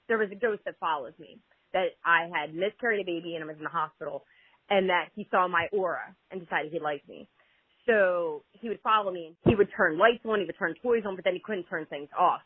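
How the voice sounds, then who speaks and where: A woman calling in to tell a personal story, animated and acting out quoted exchanges as she talks. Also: on the low side, husky, no room sound. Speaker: caller. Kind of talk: personal story over the phone. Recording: tinny phone line, dry.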